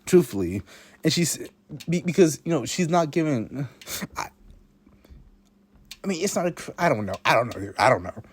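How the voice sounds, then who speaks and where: A man's voice: on the high side, big pitch swings, normal speed, long pauses, husky. A teenage boy telling a rambling, self-mocking story about his own life, swearing often and restarting his sentences. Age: teens. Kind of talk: casual storytime monologue.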